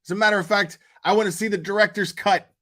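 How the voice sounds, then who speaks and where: A man's voice: high-pitched, steady tone, fast talker, a bit bright. A man hosting a commentary channel, talking casually and profanely, rambling and answering his chat.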